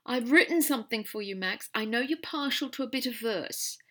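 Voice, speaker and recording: A woman's voice: a little high, expressive, a little fast, a bit bright, pitched above the performer's own voice. A woman reading aloud and voicing a theatrical young man who declaims clumsy verse to win back his mate. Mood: declaiming. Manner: showy, declaiming.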